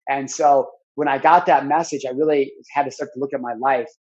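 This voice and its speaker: A man's voice: medium pitch, fairly even intonation, fairly quick, darkish tone, highs cut off. A man in his thirties, speaking as a podcast guest, tells a personal story in an earnest, rambling way full of "like" and restarts. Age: 30s.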